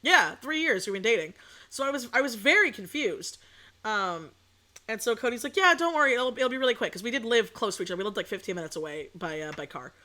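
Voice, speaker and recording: A woman's voice: medium pitch, lively intonation, a little fast, sharp tone. A young adult woman telling a story in a casual, chatty way as a streamer. She swears freely and acts out what people said. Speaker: VTuber streamer.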